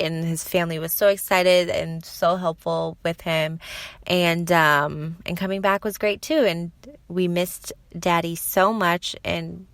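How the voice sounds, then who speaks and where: Chatty young mom podcaster, bright voice. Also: female voice, on the low side, clean tone, no room sound. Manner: chatty, lots of fillers, animated when quoting people. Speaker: podcast host. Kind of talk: casual solo podcast chat.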